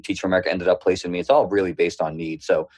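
A man with a thick Boston accent speaks in a low, husky voice as a guest on an interview show. He tells his stories in a lively way and slips into other people's voices along the way. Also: rapid-fire. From Boston area. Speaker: podcast guest. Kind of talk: storytelling interview.

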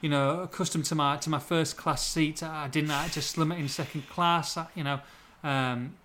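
A man from Hull, hosting a casual podcast chat, reading out listener questions and joking quickly. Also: a little high, a little hiss or hum. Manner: quick, jokey and animated.

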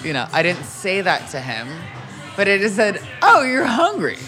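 Expressive woman in her forties. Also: lowish voice, normal speed, soft background music, some chatter behind. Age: 40s. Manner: expressive, laughs often, mimics customers. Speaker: bartender, guest. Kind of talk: casual chat.

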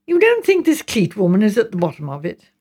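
A woman reading as a polite, dry young gentleman. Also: medium pitch, huge pitch swings, a little fast, slightly rough. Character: polite reserved young gentleman, mildly amused. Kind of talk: audiobook character reading.

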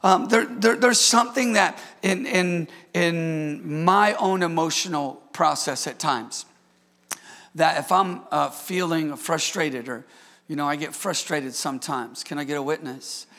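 A man preaches with a high, gravelly and bright voice, pressing his points again and again and calling out to the congregation. His sermon rings through a hall with a long reverb. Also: a little slow. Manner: emphatic preaching with repetitions and audience call-outs. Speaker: pastor.

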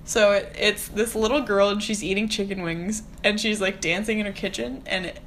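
A woman's voice: mid-range voice, fairly even intonation, normal speed, fairly bright tone, a little hiss or hum. A young woman co-hosting a casual podcast, rambling and chatty with lots of fillers. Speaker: podcast co-host. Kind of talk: casual chat.

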